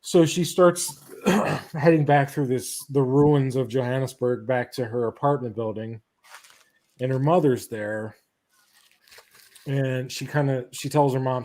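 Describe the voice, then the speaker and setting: A man hosts a podcast in easygoing chat, his pace slow and unhurried. He pauses often and restarts phrases as he retells the story. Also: mid-range voice, steady tone, warm tone. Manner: halting retelling of a comic's plot. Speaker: podcast host. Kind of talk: casual chat.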